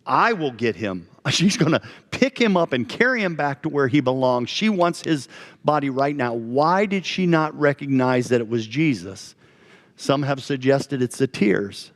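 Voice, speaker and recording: A man's voice: mid-range voice, lively intonation, moderate pace. A male pastor preaching a sermon in a conversational way, asking his congregation questions. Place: church sanctuary. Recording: long church reverb.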